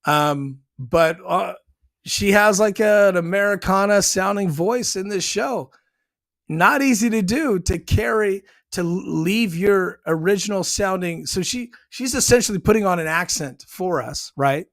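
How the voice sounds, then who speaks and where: A man's voice: high voice, a little slow, creaky, a bit bright. A man hosting his own show, reviewing a TV episode in a rambling casual way with many ums and restarts. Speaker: show host.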